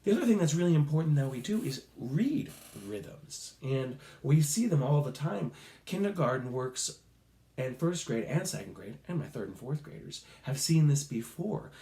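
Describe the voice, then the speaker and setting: A man teaching a recorded music lesson to children, slow, patient and encouraging, sometimes making playful animal sounds. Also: a little high, expressive, warm tone, reverberant.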